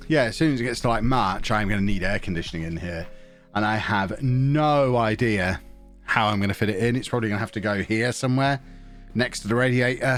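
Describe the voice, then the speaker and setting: A young man chatting casually to his viewers while streaming a game from a small home office, talking close into a desk mic in a rambling way. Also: on the low side. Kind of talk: casual live-stream chat while gaming. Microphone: desk mic close to the mouth.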